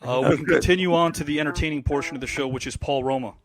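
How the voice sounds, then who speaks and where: High-voiced teasing man hosting a show. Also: crowd noise. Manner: teasing, quick, reads viewer comments aloud. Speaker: podcast host. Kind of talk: casual chat, quiz-style banter.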